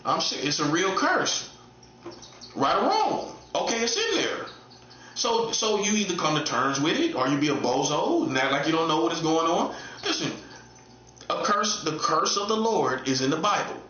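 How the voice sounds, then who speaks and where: A man in his late forties taunts his listeners with repeated rhetorical questions, his voice bright and pushed. It swings between high teasing and low, menacing mutters. The sound is roomy and echoey, a little dull and lo-fi. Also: very animated, moderate pace. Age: 40s. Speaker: self-styled prophet streamer. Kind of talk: taunting monologue.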